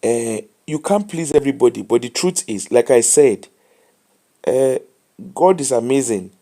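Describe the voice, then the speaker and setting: A man's voice: medium pitch, lively intonation, measured pace, mellow. Tired Nigerian man giving advice. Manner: mixes Nigerian Pidgin into English, preachy advice. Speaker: live show host. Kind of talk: casual live commentary.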